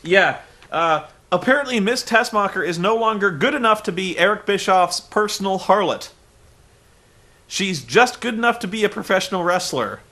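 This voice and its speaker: Sarcastic male reviewer, bright forceful tone, a bit high. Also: lively intonation, normal speed. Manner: sarcastic, exasperated. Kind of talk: comedic recap.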